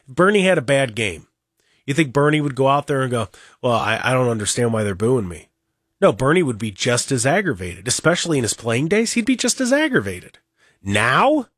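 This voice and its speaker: A man hosting a sports talk radio show, talking in an animated, rambling, opinionated way and mocking the people he talks about. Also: a little high, dry recording, studio quality. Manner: animated, rambling, mocking, with mimicked crowd voices. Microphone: studio microphone.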